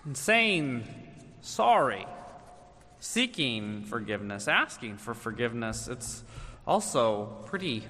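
A man's voice: medium pitch, very animated, takes it slowly, bright, forceful tone, big-room sound. A man in his thirties, a pastor delivering a sermon in church, telling stories and acting out children's voices.

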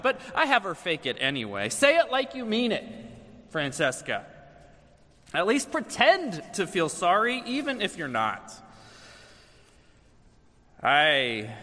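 Man preaching with lively animated delivery. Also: high voice, big-room sound. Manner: animated storytelling, acting out children's voices. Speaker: pastor. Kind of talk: sermon. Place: church.

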